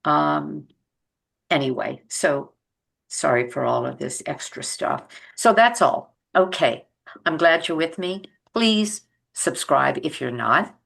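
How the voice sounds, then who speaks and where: A woman's voice: very deep voice, expressive, unhurried, vocal fry, a bit bright, slightly rough. An older woman talking casually to her vlog audience in a rambling, reflective way, full of fillers and restarts. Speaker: vlogger.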